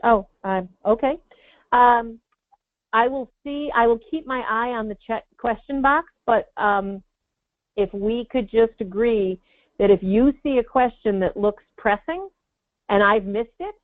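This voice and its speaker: A woman's voice: a little high, unhurried, no room sound. A middle-aged woman talking casually from her office, chatty and self-deprecating, as the guest presenter. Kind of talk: casual webinar chat. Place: home office. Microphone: video call. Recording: tinny phone-like web call audio, dry.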